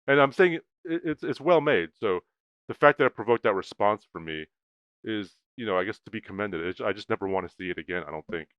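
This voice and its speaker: A man's voice: lowish voice, lively intonation, brisk, no echo, lo-fi sound. A man co-hosting a movie podcast, speaking earnestly and hesitantly, often repeating words as he works through his thoughts. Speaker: podcast co-host. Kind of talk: casual movie-review chat.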